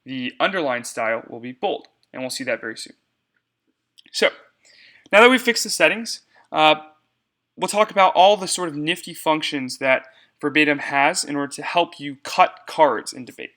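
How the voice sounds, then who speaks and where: A man's voice: fairly high pitch, expressive, moderate pace, bright, forceful tone. A young man giving a casual step-by-step screencast tutorial on cutting debate cards, talking to viewers as y'all.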